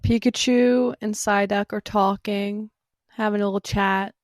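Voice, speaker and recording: A woman co-hosting a podcast, calmly adding short details in casual chat. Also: medium pitch, a little slow, no room sound, studio quality. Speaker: podcast co-host.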